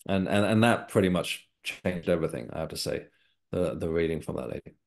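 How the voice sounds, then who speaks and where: A man's voice: sits low, animated, a little fast, gravelly. A man from England, a guest in an interview, telling a personal story in a reflective, sincere way. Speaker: guest, author and developing medium.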